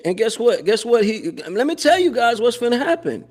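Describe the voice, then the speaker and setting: A man, hosting a live show with a casual, animated commentary monologue that repeats phrases and laughs often. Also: very high voice, moderate pace.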